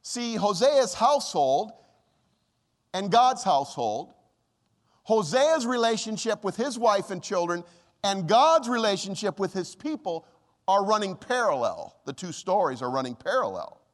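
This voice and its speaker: Impassioned preacher, high lively voice. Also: male voice, measured pace, long reverb tail. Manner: impassioned preaching, dramatic rises and drops when quoting God. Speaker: pastor. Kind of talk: sermon.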